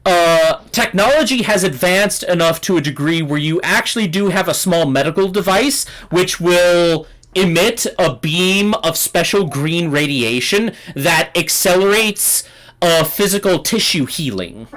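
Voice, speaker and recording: A man's voice: high voice, lively intonation, unhurried, a bit bright. Laid-back male game master. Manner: laid-back, filler-heavy narration. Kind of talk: narrating a tabletop game on a stream.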